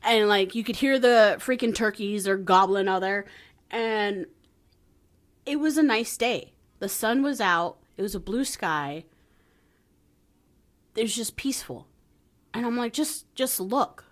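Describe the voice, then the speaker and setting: A woman's voice: medium pitch, unhurried, pauses often. Laughing woman telling a story. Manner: animated storyteller, laughs often, soothing when quoting herself. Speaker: podcast co-host. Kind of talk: casual chat, storytelling.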